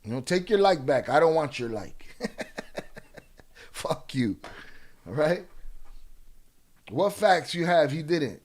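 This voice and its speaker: Streaming live, a man with a fairly high voice fires back at his chat, arguing bluntly and profanely and throwing commenters' questions back at them. He's very animated but slow, with long pauses and stumbling restarts as he presses his point.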